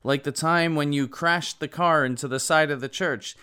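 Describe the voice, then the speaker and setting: A skeptical husband who has had enough of his wife's excuses, as a preacher acts him out. He scolds in a raised voice with a smooth, resonant tone. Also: on the high side, steady tone, moderate pace, bright, forceful tone, pitched above the performer's own voice. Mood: exasperated.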